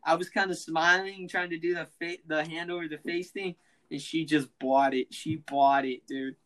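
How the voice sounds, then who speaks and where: Excitable teenage boy, slangy and loud. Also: fairly high pitch, moderate pace, low-quality recording. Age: teens. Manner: excitable, laughing, slangy, acts out voices. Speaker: podcast host. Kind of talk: casual storytelling chat.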